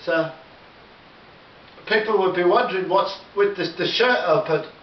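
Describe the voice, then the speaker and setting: A man's voice: high-pitched, measured pace, slight background noise. Rambling man, distant and roomy. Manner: rambling, sweary, stammering restarts. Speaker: comedy vlogger in character. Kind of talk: improvised comic monologue. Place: at home. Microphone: camera mic. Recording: roomy, distant, dull home recording.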